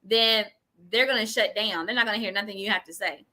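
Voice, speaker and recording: A woman's voice: mid-range voice, fairly quick, bright, forceful tone. A middle-aged woman co-hosting a podcast, chatting casually and animatedly about a book, often acting out quoted voices. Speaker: podcast co-host. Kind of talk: casual book discussion chat.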